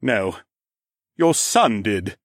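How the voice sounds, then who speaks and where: A man's voice: on the low side, animated, very slow, dry recording, clean studio sound. A man voicing a jovial, knowing older ram lord with horns, who speaks in a teasing, slightly formal way. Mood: amused.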